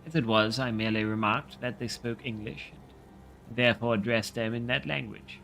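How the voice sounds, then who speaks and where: A man reading a classic novel aloud on a livestream in a steady, measured way. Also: medium pitch, gravelly, a little hiss or hum, poor audio.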